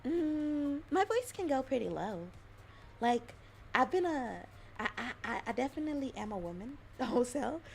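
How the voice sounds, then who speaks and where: Soft-spoken, giggly woman streamer. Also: high-pitched, big pitch swings, moderate pace, gravelly, soft background music. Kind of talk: casual chat.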